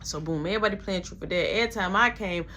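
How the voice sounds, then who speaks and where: A woman's voice: mid-range voice, racing, slight background noise. A woman telling a story casually and with energy, sometimes dropping to a whisper, in a slangy way. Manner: animated, drops to whispers, slangy retelling. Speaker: vlogger.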